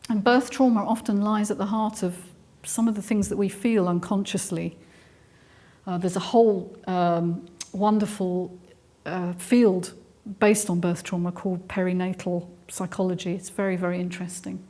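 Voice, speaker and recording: A woman's voice: lowish voice, steady tone, normal speed, warm tone. A middle-aged woman with an English accent giving a live talk to an audience, earnest and explanatory, with frequent ums and restarts. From England. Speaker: speaker giving a talk on trauma.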